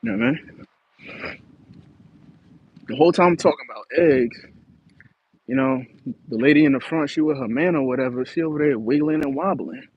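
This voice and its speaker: A man's voice: fairly high pitch, lively intonation, a little fast, gravelly, long pauses, dull audio, a little hiss or hum. A man with an East Coast American accent, joking around in a playful casual monologue and laughing often. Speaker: comedic vlogger.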